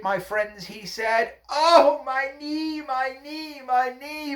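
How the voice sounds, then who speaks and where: A man's voice: on the high side, fairly bright tone. A man telling a children's folk tale, playful and addressing listeners as his friends. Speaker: storyteller.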